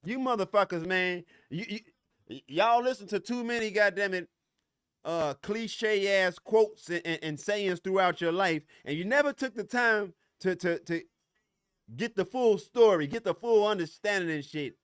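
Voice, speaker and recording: A man's voice: high-pitched, moderate pace, a bit bright, clean tone, no echo, clean studio sound. A middle-aged man hosting a podcast, ranting in a profane, heated and confrontational way, often stumbling over restarts. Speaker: podcast host. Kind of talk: solo podcast rant.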